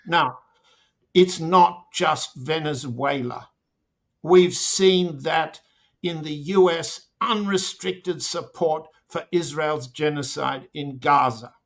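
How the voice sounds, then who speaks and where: Older male guest, gravelly tone, unhurried, deliberate delivery with pointed stress. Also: on the high side. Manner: slow, deliberate, with pointed emphasis. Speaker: interview guest. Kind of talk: political commentary interview.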